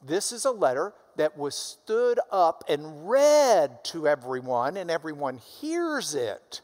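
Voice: medium pitch, sing-song, slow, few pauses, a little mellow. A Bible teacher giving a conversational classroom lesson, explaining terms with friendly asides.

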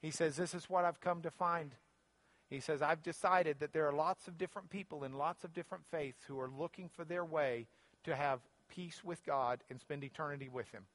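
A man teaching a Bible lesson as a sermon, earnest and rising in pitch when he quotes Scripture, closing in prayer. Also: moderate pace, fairly bright tone, no room sound.

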